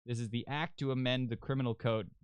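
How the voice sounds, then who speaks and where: A man from Canada hosting a political podcast, ranting in a loud, crude and sarcastic way with frequent restarts. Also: mid-range voice, steady tone, fast, clear, resonant tone, dry recording. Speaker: podcast host.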